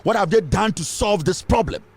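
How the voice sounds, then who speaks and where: A man's voice: sits high, normal speed. A Ghanaian man giving heated, impassioned political commentary, switching between English and Twi.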